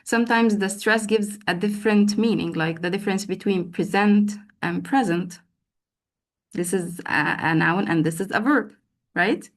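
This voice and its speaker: A woman teacher trainer leading a live online lesson, calling on participants by name and explaining teaching steps with frequent fillers. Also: medium pitch.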